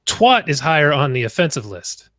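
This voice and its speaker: A man's voice: fairly high pitch, big pitch swings, normal speed, bright, forceful tone. An American man hosting a podcast, laid-back and casual, swearing and laughing along with his guest. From United States. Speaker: podcast host.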